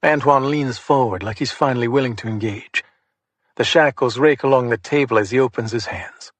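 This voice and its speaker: A man's voice: medium pitch, moderate pace, no room sound. Man narrating a hard-boiled crime thriller. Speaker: audiobook narrator. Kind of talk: first-person audiobook narration.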